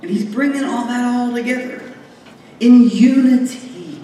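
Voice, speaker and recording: In an echoey hall, captured by a distant mic amid faint room noise, a pastor explains scripture in a conversational sermon peppered with jokes and asides. His voice is very high-pitched, mellow, and unhurried.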